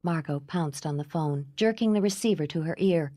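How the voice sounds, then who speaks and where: A woman reads a romance audiobook in a lowish voice. Her delivery is even and composed. The recording is dry and close. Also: moderate pace, no room sound. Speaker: audiobook narrator. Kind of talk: scripted audiobook narration.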